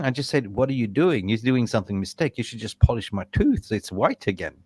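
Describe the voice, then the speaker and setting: A man hosting a casual fan chat over a call, telling animated stories and swearing freely. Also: mid-range voice, fast talker, hardly any pauses, husky, no echo. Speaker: fan show host.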